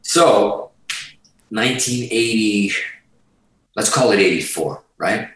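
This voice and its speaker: An excitable middle-aged man spins a long anecdote, swearing constantly and breaking into laughter. His voice sits back from the microphone and rings around a strongly reverberant room. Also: fairly low pitch, slow pace, recorded from a distance. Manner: profane, excitable, laughing storyteller. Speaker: guest guitarist telling a story. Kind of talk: animated storytelling in casual chat.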